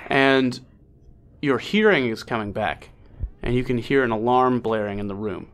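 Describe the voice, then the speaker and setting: A man's voice: medium pitch, normal speed, a bit bright. Laid-back male game master. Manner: casual, loose narration with fillers and profanity. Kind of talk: narrating a tabletop game.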